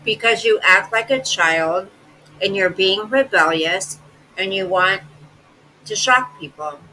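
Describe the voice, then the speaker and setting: A reaction host talks back to clips with scorn and biting sarcasm. The voice is very bright and sharp, with a faint hiss underneath. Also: mid-range voice, slow pace, low-quality recording. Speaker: commentary channel host. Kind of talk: mocking reaction commentary.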